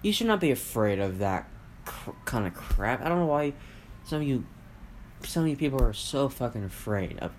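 A man's voice: mid-range voice, sing-song, normal speed, slight background noise. A man hosting a solo podcast, rambling in a profane, repetitive way, firing questions at listeners with many fillers and restarts. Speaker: podcast host.

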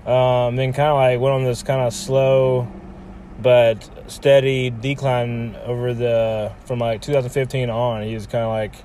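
A man's voice: medium pitch, little pitch movement, a little slow, warm tone, a little hiss or hum. A man talking casually about his golf game in a loose, rambling way, full of fillers and the odd swear word. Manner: filler-heavy, laid-back, swears casually. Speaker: amateur golfer podcaster.

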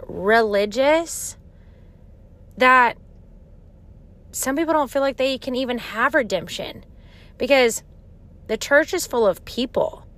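A woman shares a heartfelt devotional teaching on her podcast. She speaks slowly and earnestly, in a fairly high voice. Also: a bit bright. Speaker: podcast host giving a devotional talk.

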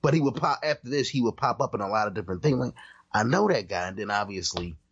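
A man's voice: on the low side, animated, very fast, fairly bright tone, breathy edge, dry recording, lo-fi sound. A man co-hosting a podcast in casual chat, talking emphatically and restarting his sentences often. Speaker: podcast co-host.

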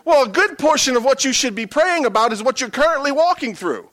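A middle-aged male pastor preaching a sermon, humorous and animated, swinging from hushed asides to emphatic bursts. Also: very high voice, a little fast.

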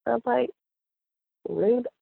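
A young woman tells her story in an easy, animated chat, slipping into the voices of the people she quotes. Her voice has a gravelly, crackly edge. The sound is dry and thin, like a phone line. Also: low voice, normal speed, no room sound. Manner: animated, acts out quoted voices, laughs often. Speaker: guest. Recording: tinny phone-like audio.

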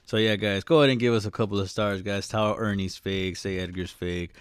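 Young male co-host, laid-back and jokey, slightly low voice, dry close mic. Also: steady tone, fairly quick, clear, resonant tone, no room sound. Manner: joking, loose, swears freely. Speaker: podcast co-host. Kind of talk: casual chat.

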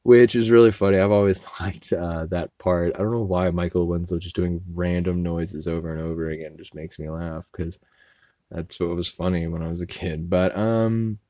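A man hosting a podcast, loosely recapping a cartoon episode with fillers and swearing, acting out characters' lines in higher voices. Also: a little mellow, no room sound, studio quality. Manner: rambling, loose, with profanity and frequent fillers. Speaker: podcast host.

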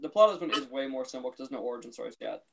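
A man's voice: medium pitch, very fast, creaky, slight background noise. A man co-hosting a podcast, talking in a chatty, amused way, full of "like" and restarts. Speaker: podcast co-host. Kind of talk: casual chat.

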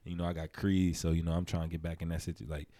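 A young man co-hosting a casual podcast, talking loosely about fatherhood and sometimes jumping into high, animated imitations. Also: quick pace, dry recording. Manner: animated storytelling, slips into high mimicking voices. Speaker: podcast co-host.

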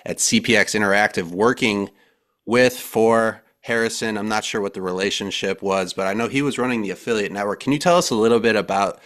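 A man's voice: lowish voice, brisk, fairly bright tone. Joking man hosting a podcast. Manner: joking, profane, playful. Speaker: podcast host. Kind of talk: casual podcast banter.

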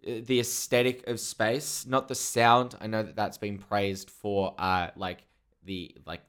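A man's voice: lowish voice, little pitch movement, measured pace, a bit bright, smooth. Rambling, joking podcast co-host man. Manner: rambling, joking, trails into quoted asides. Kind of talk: casual chat reviewing a TV show.

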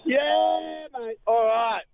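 A man's voice: very high voice, drawn-out words, vocal fry, dry recording, full character voice. A man putting on a boozy, rambling broad Australian bloke on holiday, calling in. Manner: loud, blokey, rambling, chants. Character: boozy ocker Aussie bloke on holiday, middle-aged. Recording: tinny phone line.

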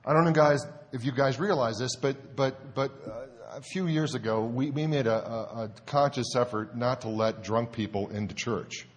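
Older pastor preaching in an echoing church. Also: male voice, mid-range voice, normal speed, few pauses. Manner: conversational, self-deprecating storytelling. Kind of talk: sermon with a personal story. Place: church sanctuary.

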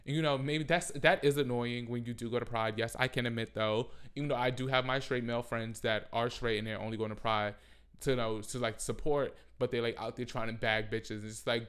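A man hosting a casual solo podcast, talking loudly and animatedly with frequent swearing and mocking asides. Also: mid-range voice, fairly even intonation, fairly quick, smooth. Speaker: podcast host.

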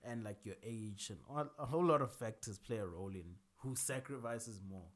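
A man in casual chat who speaks calmly and explains his points step by step. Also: fairly low pitch, normal speed.

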